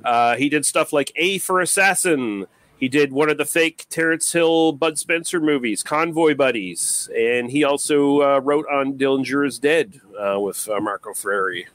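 A man in a mid-range voice hosts a relaxed podcast about old movies. He talks casually and loosely, often pausing on fillers and drifting off at the ends of his thoughts. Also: mid-range voice, no echo. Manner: loose and rambling, with many fillers and trailing remarks. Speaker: podcast co-host. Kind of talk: casual movie review chat.

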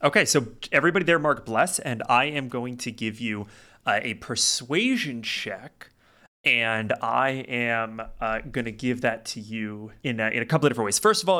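A man running a tabletop game as game master, slow and hushed in narration, quick when explaining rules. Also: medium pitch.

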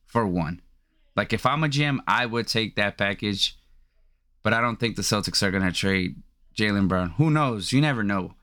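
A man's voice: fairly low pitch, a bit bright. A young man hosting a sports podcast, ranting in a heated, profane, rambling way full of fillers. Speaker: podcast host. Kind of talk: casual sports podcast rant.

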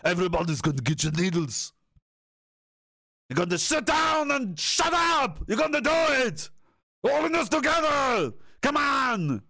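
A man doing an impression of a menacing, musclebound male action star, barking over-the-top threats in a loud voice. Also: extremely high pitch, sing-song, unhurried, vocal fry, no room sound, pitched above the performer's own voice, heavily acted. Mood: aggressive ranting.

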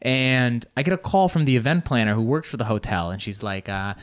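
A male stand-up comedian telling a story with animated bursts of mock outrage. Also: mid-range voice, brisk.

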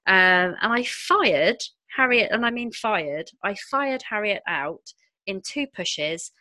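A woman in her thirties, telling a personal story in a frank, expressive way with quick asides. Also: medium pitch, dry recording. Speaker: podcast guest, entrepreneur.

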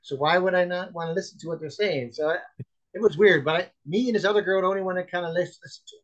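A man's voice: high-pitched, quick pace, highs cut off. A man tells his personal testimony over a remote call in an earnest, rambling way. He circles back and restarts his sentences often, using plenty of fillers. His voice sits a little above the usual for a man. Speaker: guest, chaplain and author.

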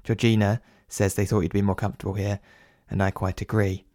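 A man's voice: lowish voice, level tone, fairly quick, a little mellow, no room sound. Wry male narrator, dry close mic. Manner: wry inner-voice narration in second person. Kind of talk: audio drama narration.

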